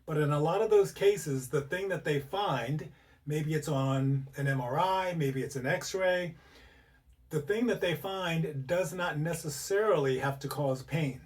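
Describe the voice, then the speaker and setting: A man's voice: on the high side, unhurried, recorded from a distance. A man hosting an informal health talk, conversational and full of rhetorical questions and "right?" tags. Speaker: host.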